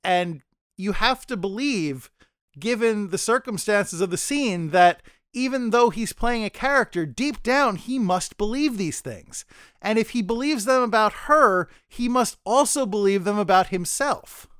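A man's voice: sits high, lively intonation, measured pace, fairly bright tone, smooth, dry recording, clean studio sound. A man co-hosting a casual podcast discussion, rambling and often stammering as he restarts his sentences. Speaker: podcast co-host.

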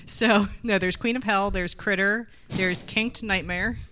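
A woman's voice: medium pitch, fairly even intonation, sharp tone. A woman guest on a comedy podcast, chatting casually and stumbling over her words. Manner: halting, repeats words. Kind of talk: casual chat.

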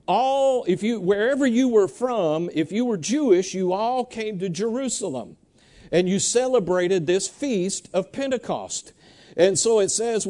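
A man preaching a sermon, animated and urging the congregation to answer back, reading Bible verses slowly. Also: high-pitched. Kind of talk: sermon with congregation call-and-response.

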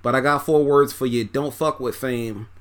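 A man talks through an album one song at a time, handing out scores in a relaxed, rambling way. His speech is loose and profane and full of fillers and restarts. He sounds like he is folding laundry as he goes. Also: medium pitch, normal speed. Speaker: music reviewer. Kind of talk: casual track-by-track album review.

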